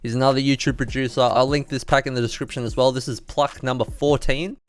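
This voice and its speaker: A man's voice: medium pitch, quick pace, clean tone. A young man, a music producer, casually walking through how he built a melody in a beat-making tutorial. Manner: relaxed, explanatory, casual phrasing.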